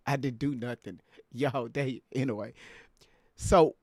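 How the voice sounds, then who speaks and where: A man hosting a live stream from home, casually reacting to a clip, incredulous and quick to laugh. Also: medium pitch, dry recording, clean studio sound. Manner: laid-back, incredulous, laughs easily.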